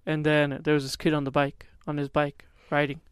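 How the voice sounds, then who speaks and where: A young man with a fairly high, smooth voice tells a story fast on a podcast. His delivery is chatty and eager. The sound is dry and close. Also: monotone, no room sound. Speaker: podcast co-host. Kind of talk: casual chat.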